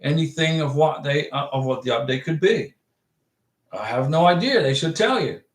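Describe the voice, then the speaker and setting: A man's voice: fairly high pitch, expressive, moderate pace, echoey room. A man hosting a casual livestream, chatting folksily, reading viewer messages aloud and giving direct advice.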